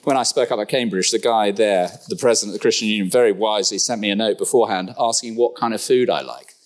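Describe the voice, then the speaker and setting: A man preaching a sermon in a church, animated and humorous, firing rhetorical questions at his listeners. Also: lowish voice, fast talker.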